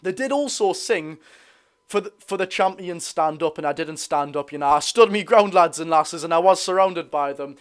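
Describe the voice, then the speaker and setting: A man's voice: fairly high pitch, moderate pace, clean tone. Chatty Geordie man hosting a livestream. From North East England. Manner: chatty, reads viewer comments aloud, calls chat lads and lasses. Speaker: football fan livestream host. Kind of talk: casual live watch-along chat.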